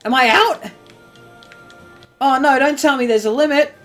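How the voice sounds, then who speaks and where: A woman hosting a let's play, commenting on the game in an excitable way and laughing often. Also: high voice, moderate pace, soft background music. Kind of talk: gameplay commentary.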